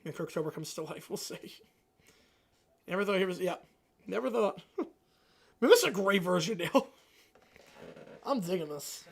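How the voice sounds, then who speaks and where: A man hosting a live stream, chatting casually and answering viewers' questions, swinging between loud excited rants and quiet low asides. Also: measured pace, gravelly, long pauses, slightly rough. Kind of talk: casual live reaction chat.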